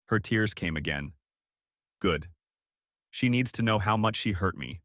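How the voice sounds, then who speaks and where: Low-voiced man narrating a story. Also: animated, a little slow, pauses often, a bit bright, no room sound, clean studio sound. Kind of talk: first-person story narration.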